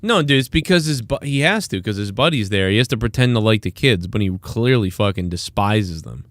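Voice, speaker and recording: A man's voice: lowish voice, lively intonation, a little fast, dry recording, studio quality. A man hosting a live chat show, talking in a blunt, profane, mocking way. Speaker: host.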